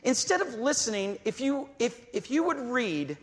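A man's voice: very high voice, sing-song, normal speed, long reverb tail. A man preaching a sermon, reading scripture aloud and acting out the voices he quotes with fervor.

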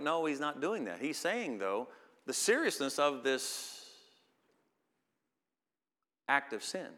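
A middle-aged man preaching a sermon, reading scripture slowly and building to loud, emphatic peaks. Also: fairly high pitch. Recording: long reverb of a hall.

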